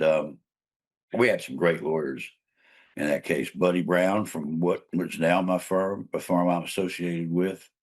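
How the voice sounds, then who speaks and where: A deep-voiced older man, a trial lawyer and mediator, tells a long case story in a relaxed interview, wandering along with fillers and restarts.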